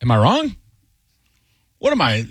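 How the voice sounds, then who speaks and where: Husky, lively joking man on radio. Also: mid-range voice, a little slow, no echo. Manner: joking, teasing. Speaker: radio co-host. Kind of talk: casual radio banter.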